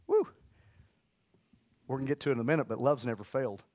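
A man preaching a lively sermon, shouting out exclamations and leading the congregation in call-and-response. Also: medium pitch, quick pace, slight background noise.

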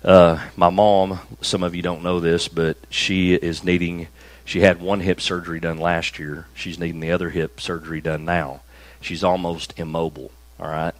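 A man preaching a conversational sermon to a small church room, slowing down to stress key phrases. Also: low voice, little pitch movement, poor audio. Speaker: pastor.

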